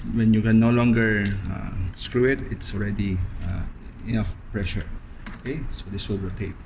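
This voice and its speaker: A young man with a lowish voice walks through a hands-on cleaning demonstration. He keeps it casual and unpolished, leaning on "okay" between steps. Faint background noise sits under the voice. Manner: loose, fills pauses with frequent "okay". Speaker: video host demonstrating appliance upkeep.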